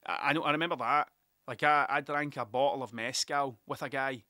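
A man's voice: medium pitch, steady tone, a little fast, bright, forceful tone, no room sound, clean studio sound. A Scottish man, a musician, telling rambling, sweary stories about gigs in a casual monologue, often laughing at himself.

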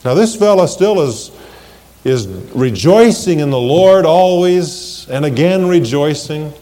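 A man preaching a sermon in a warm, mellow voice that sits a little high for a man. He speaks earnestly and slows down and rises when quoting scripture. The sound carries a long church-hall reverb. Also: animated. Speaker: pastor.

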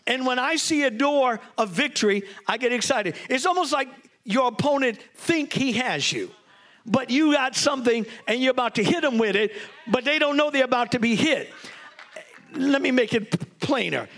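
A man preaching a sermon as a bishop, calling on the congregation to answer back, excitable and joking as he teaches. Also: very high-pitched, normal speed.

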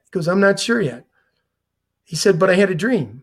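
A man's voice: sits high, sing-song, moderate pace, husky. An older man, a retired fire chief, telling a personal story in an earnest way and acting out the dialogue he quotes. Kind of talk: storytelling in a conversation.

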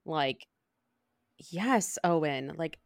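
A woman's voice: low-pitched, expressive, very slow, clear, resonant tone, dry recording, clean studio sound. A woman co-hosting a podcast, chatting casually and earnestly about a book, quoting its lines. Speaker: podcast co-host. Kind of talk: casual book-club chat.

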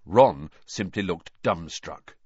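A man narrating an audiobook with expressive storytelling, on a dull lo-fi recording. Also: sits low, takes it slowly, breathy edge, no room sound. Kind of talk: audiobook reading.

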